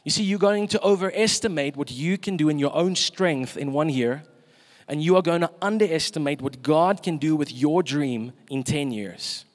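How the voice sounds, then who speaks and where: An emphatic male preacher delivering a sermon, his voice sitting a little high. He puts questions straight to the congregation. The long reverb of a church hall trails behind each phrase. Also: moderate pace.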